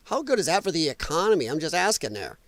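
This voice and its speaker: A man's voice: fairly high pitch, sing-song, fast, fairly bright tone, dry recording. A man hosting a live political commentary show, ranting in an exasperated, mocking and profane way. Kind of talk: live solo political rant.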